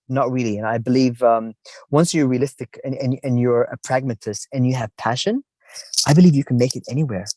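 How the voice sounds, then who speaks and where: A man's voice: medium pitch, a little mellow, dry recording. A middle-aged man from the Middle East, talking casually in an interview, rambling and musing with frequent restarts.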